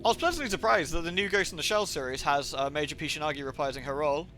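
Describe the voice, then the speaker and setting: A man's voice: on the high side, very fast, bright, forceful tone, slight background noise. A man giving jokey, rambling commentary while he streams a game. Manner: jokey and rambling, playing with slang. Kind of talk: casual live-stream commentary.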